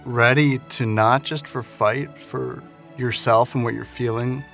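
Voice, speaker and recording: A man's voice: mid-range voice, steady tone, measured pace, creaky, a bit bright, faint music behind. A man interviewing a guest, stacking his questions one after another in a repeated pattern.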